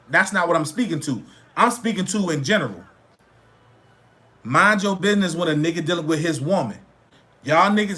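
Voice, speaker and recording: A man's voice: sits high, sharp tone. A man hosting a livestream, lecturing his viewers in a blunt, profane way and repeating phrases for emphasis. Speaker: livestream host. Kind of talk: casual live-stream rant.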